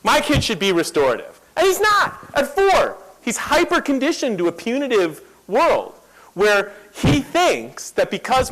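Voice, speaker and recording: A man's voice: high voice, rough recording. A man in his thirties giving a talk on a lapel mic, telling a story and acting out the quotes. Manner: animated, acts out quotes. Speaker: guest speaker.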